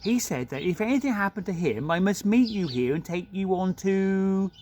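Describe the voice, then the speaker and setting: A man's voice: high voice, animated, moderate pace, a little mellow, voice pushed up. A man voicing a wary, secretive male beaver in a horsey, throaty whisper, reading a storybook aloud. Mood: earnest.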